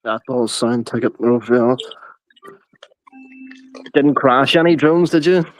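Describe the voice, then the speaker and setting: A man's voice: medium pitch, a little slow, low-quality recording. A man in casual chat, telling stories at a rambling pace and swearing casually.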